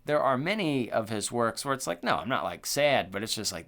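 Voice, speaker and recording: A man co-hosting a horror podcast, talking in a loose, profane, excitable way and filling his speech with "like" and "dude.". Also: mid-range voice, brisk, vocal fry. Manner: animated, profane, full of "like" and "dude". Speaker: podcast co-host. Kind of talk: casual chat.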